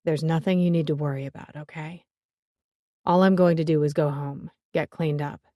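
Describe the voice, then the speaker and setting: A woman voicing a gruff, sullen bearded man with a hurt hand, speaking curtly in an audiobook. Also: low voice, steady tone, moderate pace, a little mellow, no room sound, studio quality. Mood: coaxing. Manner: growling, curt, sullen. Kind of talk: audiobook character voice.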